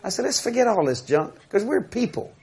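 A man preaching a sermon, telling a story in an animated, laughing way and acting out what people said. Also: sits high, brisk, husky.

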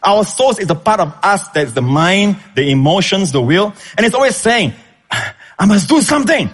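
A man preaching a sermon as pastor, emphatic, with sudden leaps in pitch when stressing a point. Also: lively intonation, moderate pace, fairly bright tone.

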